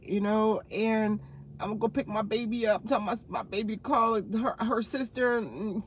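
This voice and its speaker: Woman, 50s, from New Jersey; casual vlogger, rambling anecdotes, quick laughs, lots of asides. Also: fairly high pitch. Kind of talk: casual storytelling to camera.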